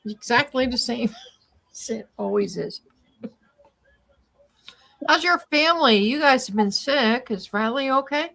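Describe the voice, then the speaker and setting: Bright, high-voiced woman chatting. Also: expressive, measured pace, vocal fry, pauses often, rough recording. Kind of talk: casual chat.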